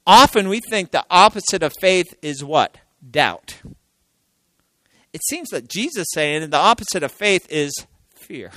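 A man preaching a sermon, swinging from loud exclamations to hushed, near-whispered lines and acting out quoted voices. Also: sits high, expressive, measured pace, no echo, rough recording. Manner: acts out quoted voices, laughs between lines.

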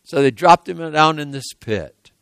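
A man's voice: a little high, expressive, measured pace, gravelly, a bit bright, no echo. A man preaching a sermon, retelling a story in a folksy way with asides to his congregation.

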